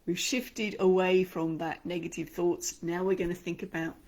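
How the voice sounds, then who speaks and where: A woman's voice: fairly low pitch, flat delivery, normal speed, a little mellow, a little hiss or hum. An Australian woman teaching an online speaking lesson, talking expressively and acting out the inner voices she describes. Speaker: speaking coach.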